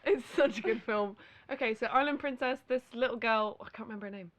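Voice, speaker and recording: A young British woman co-hosting a casual chat podcast, chatty and quick to correct her friend. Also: a little high. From Britain. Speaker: podcast co-host.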